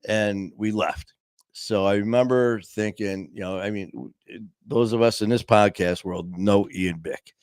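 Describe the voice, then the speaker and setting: A man with a fairly low voice tells a story at an easy conversational pace. He rambles, restarts his sentences and acts out what people said. The recording is close and dry, with no room sound. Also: steady tone, measured pace, a little mellow, smooth, dry recording. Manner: rambling, full of "you know" and restarts; acts out quoted dialogue. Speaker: podcast host.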